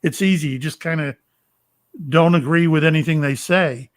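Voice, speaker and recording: Older man from Florida, somewhat higher voice, talks in starts and stops; guest telling personal stories. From Florida, USA. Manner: rambling, halting, with many fillers and restarts. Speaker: psychic medium and retired police officer. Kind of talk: casual storytelling interview.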